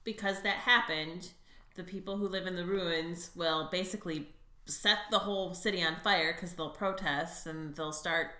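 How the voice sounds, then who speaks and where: A woman's voice: on the low side, fairly even intonation, moderate pace, bright, forceful tone, echoey room. A woman in casual chat about a comic, blunt and casually swearing. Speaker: co-host discussing a comic.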